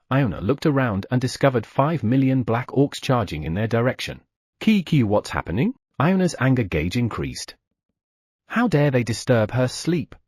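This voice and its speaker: A man narrating an audiobook with expressive storytelling. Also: medium pitch, husky, dry recording, studio quality. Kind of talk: scripted narration.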